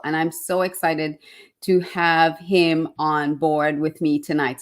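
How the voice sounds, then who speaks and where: A woman hosting an online interview show, effusive and fumbling over her words, with many fillers. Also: lowish voice. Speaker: show host.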